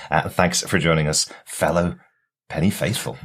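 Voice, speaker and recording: A man's voice: very deep voice, steady tone, normal speed, fairly bright tone. A man co-hosting a TV podcast, chatting casually and laughing often. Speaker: podcast co-host. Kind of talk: casual chat.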